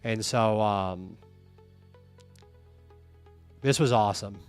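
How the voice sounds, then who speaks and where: A man's voice: fairly low pitch, takes it slowly, clear, resonant tone, soft background music. A man hosting a livestream, chatting casually and candidly, reading viewer comments aloud. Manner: candid, animated, reads chat comments aloud. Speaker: livestream host.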